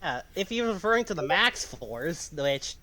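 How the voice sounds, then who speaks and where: A friend on a reaction video who chimes in with casual, short remarks and laughs along. The voice sits at a middling pitch. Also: big pitch swings, moderate pace, bright, forceful tone, low-quality recording. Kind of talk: casual chat.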